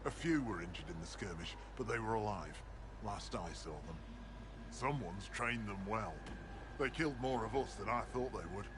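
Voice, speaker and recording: An actor playing a blunt, dry-witted male clan healer and mystic in a video game, speaking tersely and gruffly. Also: lowish voice, expressive, moderate pace, noisy background, natural voice. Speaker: game character.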